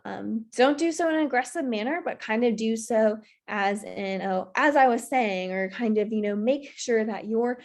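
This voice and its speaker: A woman's voice: on the high side, moderate pace, few pauses, darkish tone. A woman presenting a virtual workshop, giving earnest advice with many "you know" fillers over a video call mic.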